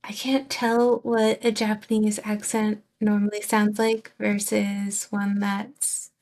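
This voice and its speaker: Soft-spoken young British woman, slow. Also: medium pitch, completely flat delivery. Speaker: streamer. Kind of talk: casual stream chat, reading and answering chat.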